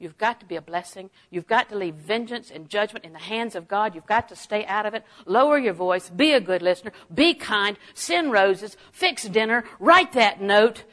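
With lively intonation at a normal speed and scarcely any pauses, a woman of medium pitch and slightly bright tone teaches from the Bible like a preacher, weaving in personal anecdotes and rising to forceful declarations.

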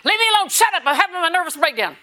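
A woman's voice: sing-song, very fast, a little hiss or hum, heavily acted. Woman acting out a shrieking frazzled mother. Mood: frantic. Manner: frantic, shrill, shouting. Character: frazzled young mother, shrieking at her kids.

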